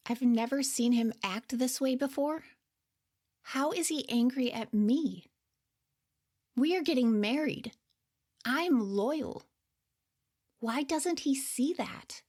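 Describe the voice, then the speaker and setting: A woman narrating her own story in the first person, quiet, unsure and earnest. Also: on the high side. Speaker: podcast storyteller.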